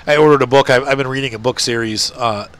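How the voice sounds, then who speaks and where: A gaming video host, a middle-aged man with a stuffy nose, speaks at medium pitch, fairly quickly, with a fairly bright tone. He wanders from topic to topic and belittles himself in casual chat while playing a farming game.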